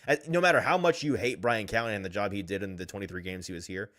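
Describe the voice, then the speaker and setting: A man hosting a sports talk show, reading out fan comments and ranting in an animated way with frequent chuckles. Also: fairly low pitch, fast. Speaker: sports podcast host.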